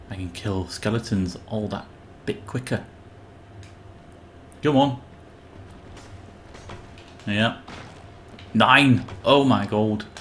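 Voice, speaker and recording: Young guy streaming a game, lowish voice, dry sarcastic, cusses and yelps when stuff jumps him. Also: a little hiss or hum. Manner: sarcastic, swearing, yelping when startled. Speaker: gamer playing live. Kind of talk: live game commentary.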